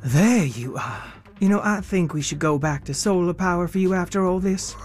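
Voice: mid-range voice, moderate pace, pitched above the performer's own voice, natural voice. A reader voicing a determined woman time-traveller. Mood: earnest. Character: determined adult woman time-traveller, worn but brave. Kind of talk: storybook character voice.

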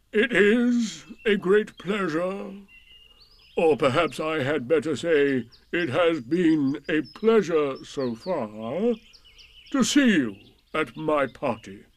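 A man reading a storybook, voicing a gloomy, self-pitying old male donkey in a mournful, drawn-out way. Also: on the high side, pitched above the performer's own voice, exaggerated voice.

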